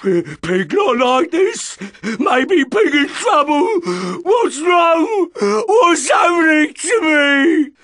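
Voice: high-pitched, big pitch swings, very slow, few pauses, a bit bright, no echo, raised voice, clean studio sound, heavily acted. A bellowing, brutish pig warlord. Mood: raging. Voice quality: bellowing, broken grammar. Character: brutish, hot-tempered male pig warlord. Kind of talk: video game villain voice acting.

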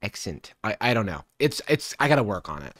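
Lively laughing streamer man. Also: fairly low pitch, quick pace. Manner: laughs a lot, animated. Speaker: streamer reacting to a dating show. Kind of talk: casual live reaction commentary.

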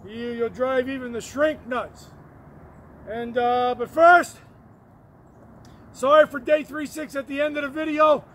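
A man rambling in an excitable way, with sudden shouts and whoops, while walking up a hill outdoors and recording on a phone. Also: extremely high pitch. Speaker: vlogger.

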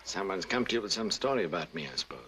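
A cornered, crooked doctor. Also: male voice, deep voice, expressive, racing, a bit bright. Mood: defensive. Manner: smooth, then pleading and panicky. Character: oily doctor running a baby-selling racket, cornered. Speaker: film actor. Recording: old 1930s film soundtrack with faint noise.

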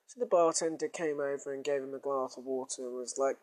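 A man's voice: mid-range voice, fairly even intonation, darkish tone. A man telling a crude comic story in a casual, rambling way. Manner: rambling, crude, drawn-out groans.

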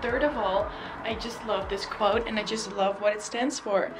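A woman's voice: medium pitch, steady tone, moderate pace, over music, low-quality recording. A young woman vlogging casually, gushing and close to tears with emotion. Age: young adult. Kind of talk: casual vlog unboxing.

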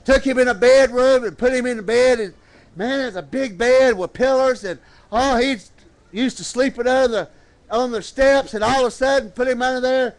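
During a church service, a man tells a story as a sermon, calling to the people in the pews and slowing into dramatic phrases. He speaks in a very high voice.

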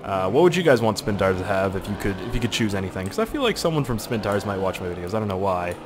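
A man's voice: on the low side, big pitch swings, fast, over music. A young man from Canada talking casually over a game, rambling and crude, swearing often, with an irritated throat. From Canada, Nova Scotia. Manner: puts on silly voices for quoted people. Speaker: gaming video host. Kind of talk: casual gameplay commentary.

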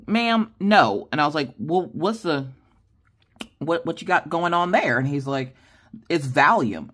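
Casual vlogger, female; animated storyteller who plays every part in her anecdotes, rambling with fillers. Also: extremely low pitch. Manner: animated, acts out quoted dialogue with lively voice shifts; chatty, with many fillers and restarts. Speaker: craft channel host.

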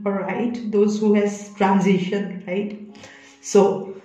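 A woman giving a spiritual tarot reading, speaking softly and emotionally, consoling her listeners with many pauses and fillers. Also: medium pitch, little pitch movement, roomy sound, dull audio, faint music behind. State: emotional, holding back tears. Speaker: tarot reader.

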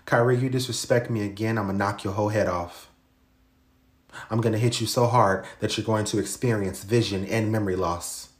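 A man's voice: lowish voice, steady tone, a little fast, roomy sound, pitched below the performer's own voice, close to an everyday voice. A man voicing a stern, threatening middle-aged father who makes blunt threats.

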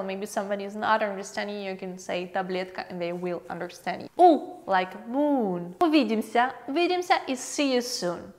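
A woman teaching a language alphabet lesson, saying each letter slowly and repeating example words. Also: medium pitch, in a large hall.

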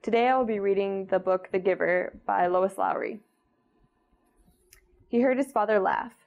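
A woman's voice: mid-range voice, lively intonation, normal speed, vocal fry, muffled recording. A young woman, a student worker, carefully reading a novel excerpt aloud. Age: young adult.

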